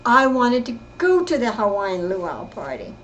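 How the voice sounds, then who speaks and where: Older woman, rambling and halting. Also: fairly high pitch, sing-song, fairly bright tone, lo-fi sound, slight background noise. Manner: rambling and halting, repeats herself. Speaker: interviewee recounting her life. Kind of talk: casual spoken reminiscence.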